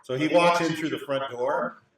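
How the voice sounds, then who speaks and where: A man narrating a tabletop game as game master, relaxed and halting, with many fillers. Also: on the high side, distant mic. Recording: roomy, echoey, off-mic.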